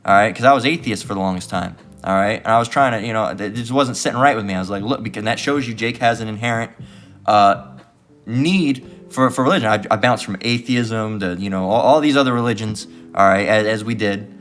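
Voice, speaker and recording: A man's voice: on the low side, brisk, a bit bright, soft background music. A man preaching and reading scripture in a heated, profane way, tagging nearly every phrase with "all right" and mocking the voices of his opponents. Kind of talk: street-style religious teaching.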